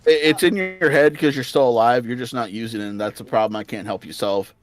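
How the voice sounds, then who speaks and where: A man's voice: medium pitch, fast. A man chatting as a guest on a stream, teasing with dry humor. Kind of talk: casual chat.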